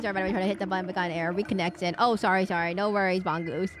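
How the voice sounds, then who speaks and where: A woman's voice: medium pitch, racing, few pauses, noisy background. A woman VTuber chatting casually with her viewers while playing a game, bursting into indignant replies to chat and humming under her breath. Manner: animated, indignant bursts when reading chat. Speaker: VTuber streamer. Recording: game music behind. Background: game music.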